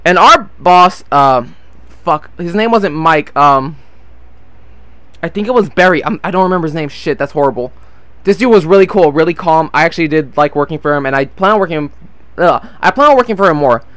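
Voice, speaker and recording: High-voiced rambling teen storyteller man. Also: animated, fairly quick, fairly bright tone, no room sound. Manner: rambling, swears freely, loses his train of thought. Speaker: gameplay vlogger. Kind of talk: casual storytelling over gameplay.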